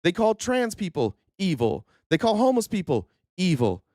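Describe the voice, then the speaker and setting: A man's voice: high-pitched, wildly swooping pitch, normal speed, warm tone, no echo, clean studio sound. A man hosting a political commentary livestream, earnest and indignant, stumbling over restarts and losing his voice. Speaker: host.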